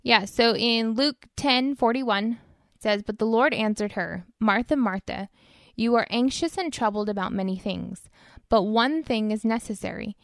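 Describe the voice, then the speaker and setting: A woman's voice: on the high side, normal speed, no room sound, clean studio sound. A woman co-hosting a faith podcast, explaining Bible verses in an earnest, conversational way. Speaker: podcast co-host. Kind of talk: casual faith podcast discussion.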